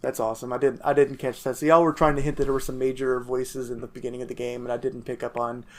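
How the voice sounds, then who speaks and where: A man's voice: medium pitch, level tone, fast talker, a little mellow. A man co-hosting a podcast, talking casually and with enthusiasm about a game he is playing for the first time. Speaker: podcast co-host. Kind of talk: casual gaming chat.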